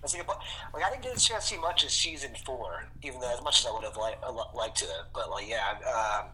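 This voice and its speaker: A man's voice: mid-range voice, animated, bright, forceful tone, slight background noise, poor audio. A man co-hosting a podcast in casual chat, rambling with lots of fillers like "you know what I mean". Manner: rambling, filler-heavy, quick. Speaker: podcast co-host.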